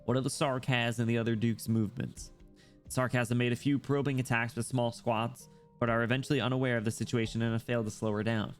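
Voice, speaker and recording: A man's voice: mid-range voice, little pitch movement, fast talker, soft background music, lightly acted. A man doing a stern officer with a Southern US drawl. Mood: commanding. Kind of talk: reading game dialogue aloud.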